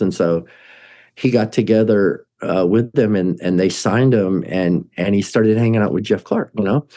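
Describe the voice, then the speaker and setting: Mellow-voiced man telling a rambling story. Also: lowish voice, normal speed. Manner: chatty, laughing, full of fillers and restarts. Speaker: musician guest.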